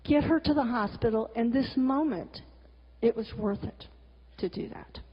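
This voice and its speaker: A middle-aged woman with a high voice tells stories in a blunt, candid way, swearing freely and breaking in with exasperated asides. The recording is dull and lo-fi, and her voice rings with the long reverb of a large hall. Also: normal speed, slightly rough. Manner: vivid storyteller, exasperated asides. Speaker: cartoonist and teacher giving a talk. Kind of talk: candid storytelling talk with slides.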